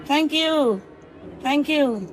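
A woman talking softly and tenderly to a wild fox outdoors at night, slow and reassuring. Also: sits high, lively intonation. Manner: soft, doting, slow and reassuring. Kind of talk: tender one-sided talk to an animal.

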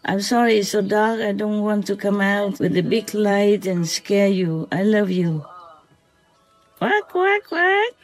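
A soft-spoken vlogger who talks gently and affectionately, as in a spoken diary at night. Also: medium pitch, little pitch movement, measured pace, few pauses, low-quality recording. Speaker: vlogger speaking to a visiting fox spirit. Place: outdoors at night by a forest.

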